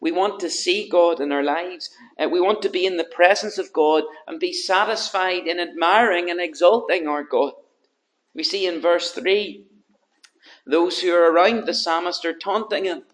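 A man's voice: high voice, moderate pace. A man preaching a sermon in an earnest manner, building his points through repeated rhetorical questions.

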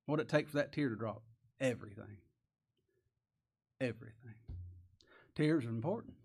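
A man preaching a sermon as pastor, folksy and humorous, swinging between soft, quiet lines and loud, rising emphasis. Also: on the high side, quick pace, husky.

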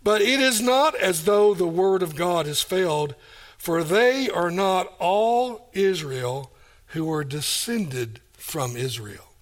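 A man's voice: high voice, lively intonation, takes it slowly. A man preaching a sermon, reading scripture aloud and explaining it verse by verse, repeating key phrases for stress.

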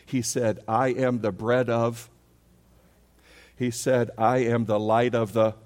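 Male pastor mid-sermon, lively call-and-response delivery, long hall reverb. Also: mid-range voice, slow pace. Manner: animated preaching, leads congregation call-and-response.

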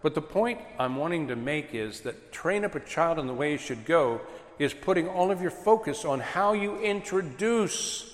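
A man's voice: fairly high pitch, moderate pace. Man preaching in an echoey hall. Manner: earnest, animated preaching with acted quotes. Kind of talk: sermon on raising children. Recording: echoey hall with long reverb.

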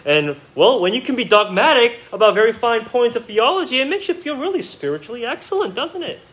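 A male pastor preaching a sermon to his congregation in a church. He talks to them directly with rhetorical questions and swings from quiet, reflective asides to emphatic outbursts. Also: extremely high pitch, sing-song, fairly quick, rough recording. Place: church sanctuary.

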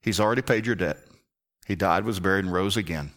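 A man preaching an earnest sermon in a low, deep voice. He leans into his points and drops almost to a whisper when he wants them to land. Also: a little fast. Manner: earnest, drops to a hushed near-whisper for emphasis.

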